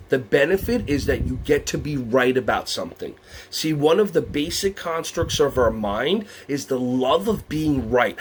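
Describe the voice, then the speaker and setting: A man presenting a teacher workshop, talking to a live audience, asking them questions and acting out quotes in high put-on voices. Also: a little hiss or hum. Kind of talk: lively teacher workshop talk.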